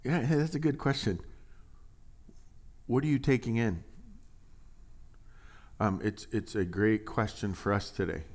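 Animated joking male pastor. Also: on the low side, measured pace, pauses often. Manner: animated, joking, swings from hushed to loud emphasis. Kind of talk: conversational sermon.

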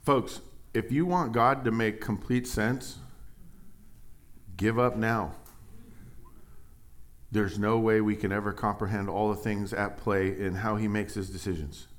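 A middle-aged man preaching a sermon, animated and joking, who reads scripture aloud with rising emphasis. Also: fairly low pitch, a little slow, pauses often. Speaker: pastor.

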